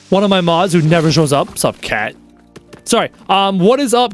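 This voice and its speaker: A man with a high-pitched voice and big pitch swings live-streams a game at normal speed, with soft music in the background. He's chatty and playful, reading viewers' messages aloud.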